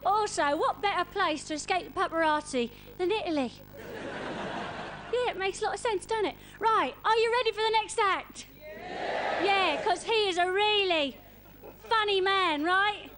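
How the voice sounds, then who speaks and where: Casting: high-voiced vain pop-star wife, a comic putting her on, chatty, noisy live room. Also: a little slow. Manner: chatty, filler-heavy, 'you know' and 'right?'. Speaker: comedy show host. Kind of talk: stand-up compere in character.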